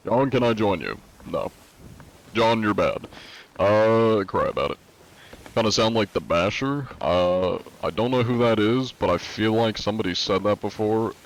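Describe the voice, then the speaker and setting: A man's voice: fairly low pitch, creaky. A man streaming a game live in a casual, laid-back way, reading chat aloud, answering it and using many "uh" fillers. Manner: frequent "uh" fillers.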